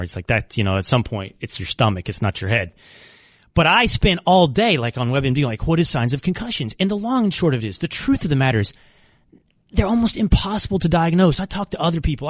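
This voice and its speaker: Animated man hosting sports radio. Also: on the high side, dry recording, clean studio sound. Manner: animated storytelling, restarts and repeats. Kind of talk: casual talk radio monologue.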